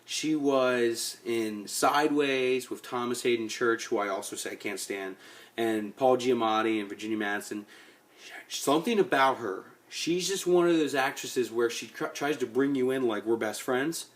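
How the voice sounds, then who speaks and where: A man's voice: medium pitch, normal speed. Blunt rambling man ranting to camera. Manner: blunt, rambling, repeats himself. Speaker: vlogger. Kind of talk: casual opinion rant.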